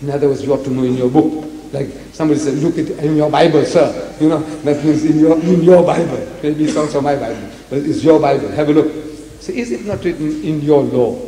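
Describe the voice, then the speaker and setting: A South African man gives a public lecture to a live audience, using rhetorical questions and acting out dialogue. His voice sits on the high side, mellow and a little fast, recorded in an echoey hall with long reverb and faint noise.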